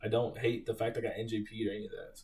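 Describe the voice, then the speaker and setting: A man's voice: on the low side, very fast. Young man answering live chat, slightly distant mic. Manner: reads viewer questions, animated profane storytelling. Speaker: live stream host, Marine veteran. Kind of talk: casual live Q&A.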